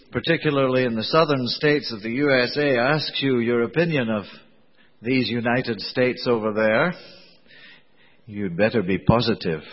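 A man preaching a sermon in a conversational, digressive way, with a slightly husky voice. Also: medium pitch. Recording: dull lo-fi recording in a reverberant hall.

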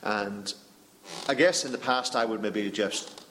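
Man, panel moderator, low voice, reflective, earnest, halting. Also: a bit bright, a little hiss or hum. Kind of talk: panel discussion.

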